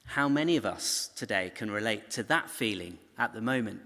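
A man's voice: lowish voice, lively intonation, normal speed, pushed and bright. A man giving a recorded Bible teaching talk, telling the story conversationally with asides to his viewers. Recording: long hall reverb.

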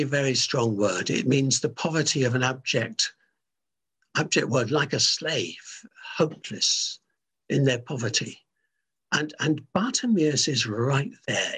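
Male preacher, fairly high and very breathy; emphatic, animated sermon delivery. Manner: animated, emphatic, with frequent restarts.

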